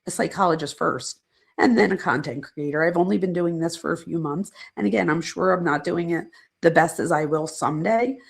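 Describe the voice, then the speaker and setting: Gravelly middle-aged woman chatting on a stream. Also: on the low side, a little fast. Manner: rambling, chatty, reads viewer comments aloud. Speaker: psychologist hosting a live stream. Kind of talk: casual live-stream chat with viewers.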